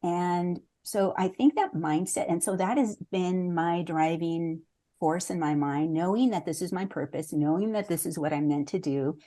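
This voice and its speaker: A woman in her sixties talks through her writing life as an interview guest. Her voice sits a little low and sounds warm and mellow. She speaks earnestly and reflectively, sometimes restarting her sentences. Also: normal speed. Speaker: memoir author, interview guest. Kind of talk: conversational interview answers.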